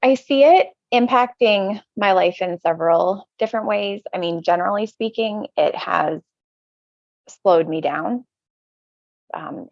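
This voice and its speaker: A woman from the United States, a podcast guest, talking reflectively and haltingly, often restarting her thoughts. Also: on the low side, vocal fry, no echo. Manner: hesitant, self-searching, frequent restarts. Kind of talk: reflective conversational interview. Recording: slightly dull lo-fi audio.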